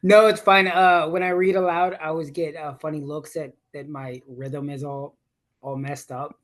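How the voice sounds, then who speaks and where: A man student in a seminar, speaking haltingly and with self-deprecation about reading aloud. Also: a little high, flat delivery. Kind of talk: seminar discussion.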